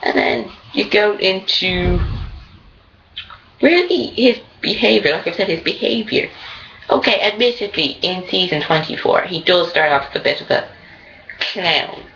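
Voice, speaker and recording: A woman's voice: medium pitch, a little slow, creaky. Ranting woman, lo-fi recording. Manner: ranting, animated, digressive. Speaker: fan commentator. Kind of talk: opinionated casual monologue. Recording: dull lo-fi recording.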